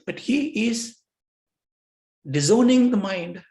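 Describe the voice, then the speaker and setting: A man's voice: high-pitched, lively intonation, takes it slowly, darkish tone. A man teaching yoga philosophy, acting out questions and answers with himself. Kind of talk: lecture on scripture. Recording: roomy echo.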